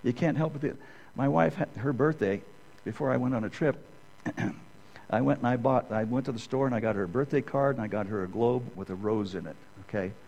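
A middle-aged man gives a loose, conversational sermon, drifting into personal anecdotes. He rambles, restarts his sentences and keeps checking in with his listeners. His pitch sits in an ordinary middle range. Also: a little fast, vocal fry, darkish tone, dull audio. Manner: rambling, keeps asking "okay?". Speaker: Bible teacher.

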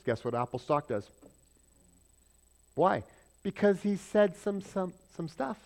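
A male preacher in mid-sermon with a middle-pitched voice. He talks in a lively, conversational way, keeps asking the congregation questions, and shifts often from loud emphasis to quiet asides. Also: measured pace, long pauses. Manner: animated, asks the congregation questions, swings between loud and soft. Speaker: pastor.

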